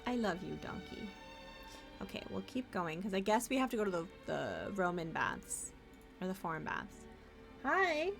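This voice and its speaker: A woman's voice: mid-range voice, very animated, normal speed, vocal fry, music in the background. A young woman casually chatting as she streams a video game, playful and talkative. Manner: chatty, playful, talks to chat and pets. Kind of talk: casual gameplay commentary.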